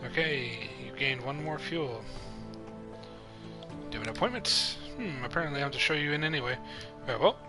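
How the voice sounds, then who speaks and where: A man's voice: mid-range voice, animated, fairly quick, music in the background, low-quality recording. A man giving casual let's-play commentary, reading the on-screen text aloud between offhand asides. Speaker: gameplay commentator.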